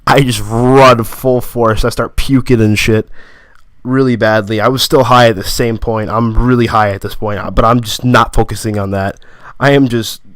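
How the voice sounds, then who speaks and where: A young man casually telling a story to camera, rambling with lots of fillers and quickly acting out what his friends said. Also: medium pitch, fairly even intonation, a bit bright, no room sound. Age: young adult. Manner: quotes friends in quick bursts. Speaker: vlogger.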